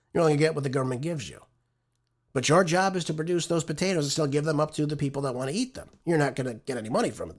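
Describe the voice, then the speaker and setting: A male talk show host with a somewhat high-pitched voice, speaking off the cuff in an opinionated, conversational way. He often ends his points with a quick "right?" to pull the listener along. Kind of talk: conversational political commentary.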